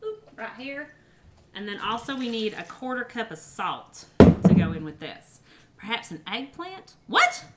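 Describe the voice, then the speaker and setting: A woman's voice: a little high, animated, measured pace. Chatty woman livestreaming her cooking. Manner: chatty, giggly, rambling, talks to viewers while cooking. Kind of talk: casual cooking livestream chat. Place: home kitchen. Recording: loud background noise.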